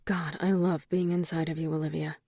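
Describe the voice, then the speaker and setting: Audiobook male lead voiced by a woman: a seductive, assured man, low and murmured. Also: flat delivery, fairly quick, dark tone, no room sound, studio quality. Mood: intimate. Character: confident seductive adult man, tender lover.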